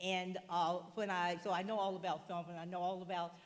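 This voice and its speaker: A woman co-host telling a chatty anecdote on a live panel, with halting restarts. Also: lowish voice, little pitch movement. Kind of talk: casual chat on a panel. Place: large hall at a live event. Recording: reverberant hall.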